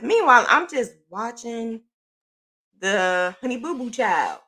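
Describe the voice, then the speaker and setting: A middle-aged woman hosting a podcast, telling a personal story in a chatty, animated way with sighs and self-corrections. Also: a little high, normal speed. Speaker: podcast host.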